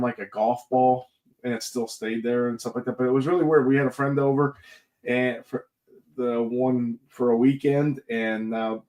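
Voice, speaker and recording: A man from the United States hosting a casual interview, telling relaxed stories and quoting his own past remarks. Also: medium pitch. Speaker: host. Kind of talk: casual chat.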